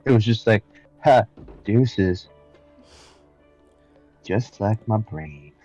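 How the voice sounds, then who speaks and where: Chill guy on a stream, low mellow voice, kinda muffled dry sound. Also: moderate pace, slightly rough, faint music behind. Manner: laid-back, joking. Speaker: podcast guest. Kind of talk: casual chat.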